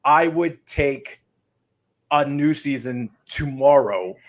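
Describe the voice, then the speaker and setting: A man co-hosting a casual pop-culture podcast, his voice in an ordinary middle pitch. He speaks emphatically and repeats phrases to drive his point home. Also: lively intonation, slow pace. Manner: emphatic, repeats himself for stress. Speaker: podcast co-host.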